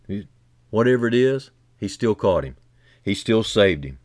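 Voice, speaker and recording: A man preaching a sermon who builds from quiet, low passages to loud, fervent climaxes and repeats key phrases for emphasis. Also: lively intonation, normal speed.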